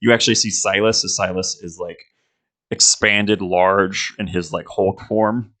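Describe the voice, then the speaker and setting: A man's voice: low-pitched, fairly even intonation, unhurried, fairly bright tone. A man running a tabletop game as game master, narrating scenes in a rambling way full of fillers. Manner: rambling, filler-heavy description.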